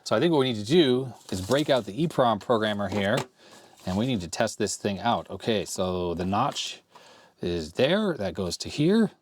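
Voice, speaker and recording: A man in his forties with a slightly hoarse voice from a cold, casually thinking aloud as he tinkers with retro computer hardware. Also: fairly low pitch, sing-song, moderate pace, a little hiss or hum. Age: 40s. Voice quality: slightly raspy. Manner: rambling, thinks aloud while handling hardware. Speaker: retro computer video host. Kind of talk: casual hands-on tech vlog. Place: home workbench.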